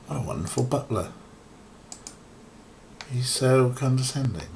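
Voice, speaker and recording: Man, mild Welsh accent, streamer, chatty, joking, slow, lively pitch. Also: vocal fry, slight background noise. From Wales. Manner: chatty, joking, asides to chat. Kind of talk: casual let's-play commentary.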